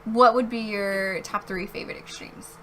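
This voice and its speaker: A young woman hosting a casual podcast chat, bubbly and quick to laugh. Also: medium pitch, fairly even intonation, a bit bright, slight background noise. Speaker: podcast host. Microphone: streaming mic.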